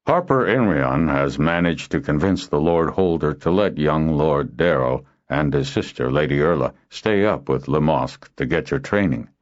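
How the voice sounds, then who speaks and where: A man's voice: extremely low pitch, animated, moderate pace, hardly any pauses, dry recording. A man voicing a courteous, welcoming male noble in an audiobook. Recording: dull lo-fi audio.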